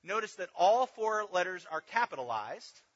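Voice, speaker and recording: A man's voice: sits high, big pitch swings, moderate pace, a bit bright, big-room sound, dull audio. A man giving a Bible class lecture, explaining step by step and checking in with the listeners. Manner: explanatory, checks in with "okay" and "right". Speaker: Bible teacher.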